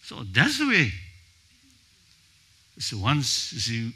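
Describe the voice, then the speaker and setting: Older man, halting panel speaker. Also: mid-range voice, wildly swooping pitch, pushed and bright, slightly rough. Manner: halting, searching for words, frequent "you see". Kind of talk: panel talk. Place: conference hall.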